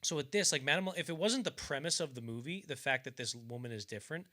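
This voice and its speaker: Bright-voiced man rambling about films. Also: medium pitch, fast talker. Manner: rambling, stumbles and restarts, acts out quotes. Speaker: podcast host. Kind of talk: casual film discussion.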